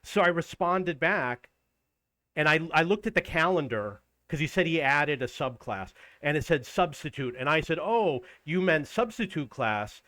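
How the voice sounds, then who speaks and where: A man's voice: on the high side, lively intonation, measured pace, sharp tone, no room sound. Indignant man in his fifties, dry sound. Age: 50s. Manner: indignant, exasperated, quotes others in raised voice. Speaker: vlogger. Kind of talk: casual ranting monologue.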